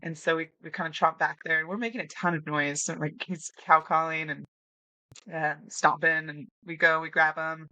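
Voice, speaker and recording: A young woman guest telling lively stories in a casual interview, acting out quotes and laughing often. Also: sits low, normal speed. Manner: animated storyteller, acts out quotes, laughs often. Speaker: podcast guest, new hunter.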